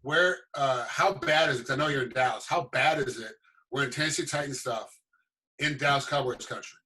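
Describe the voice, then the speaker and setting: A man's voice: medium pitch, brisk. A middle-aged man, a former fighter, chatting as a guest and acting out other people's voices as he tells stories. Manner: animated storyteller, acts out quoted voices. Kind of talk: casual chat.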